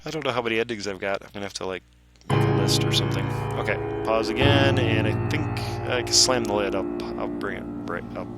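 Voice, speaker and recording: A man giving rambling, jokey let's-play commentary on a game, with loud game music behind. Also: fairly low pitch, fast talker.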